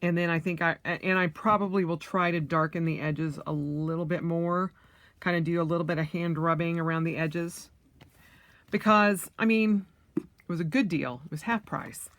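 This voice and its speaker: A woman in her late thirties chatting her way through a casual unboxing vlog, thinking aloud with fillers and excited squeals. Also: on the low side, moderate pace, no room sound. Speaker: vlogger.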